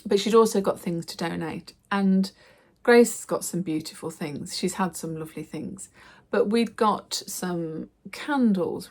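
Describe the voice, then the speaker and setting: A middle-aged woman, chatting to camera in a casual vlog and telling stories with lively acted quotes. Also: fairly low pitch. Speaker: lifestyle vlogger.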